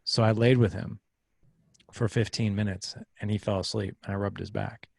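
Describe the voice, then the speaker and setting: This podcast guest has a gravelly, lowish voice and a moderate pace, recorded in a clean studio without echo. He's an animated storyteller, performing the quoted voices during a casual interview.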